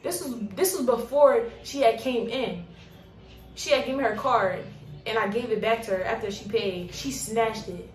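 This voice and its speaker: A young woman working at a coffee shop tells a storytime in a blunt, animated and profane way. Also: fairly high pitch, normal speed. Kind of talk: casual storytime. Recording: roomy, distant from mic, faint noise.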